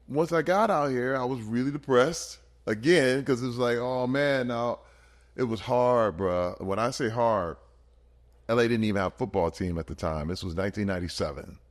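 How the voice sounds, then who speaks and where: A man in his fifties from Michigan, a podcast guest telling his life story in an earnest, animated way with big swings in energy. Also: medium pitch. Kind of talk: emotional personal storytelling.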